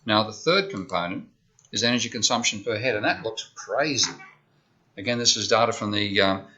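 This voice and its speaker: On a dull lo-fi lecture recording, a man with a lowish, sharp-toned voice teaches university economics at a moderate pace. He walks through the material step by step in a conversational way, often asking "okay?".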